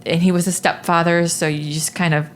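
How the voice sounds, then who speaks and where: A woman's voice: fairly low pitch, level tone, fairly quick, a little hiss or hum. A woman hosting a podcast who asks her guest curious, friendly questions in casual conversation. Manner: curious, warm-hearted questioning of her brother. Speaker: podcast host. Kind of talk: casual chat.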